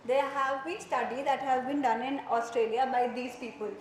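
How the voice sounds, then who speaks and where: A woman's voice: sits high, steady tone, moderate pace. A woman with an Indian accent giving a psychology lecture in a classroom, talking conversationally and quizzing her students with questions. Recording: echoey classroom with faint room noise.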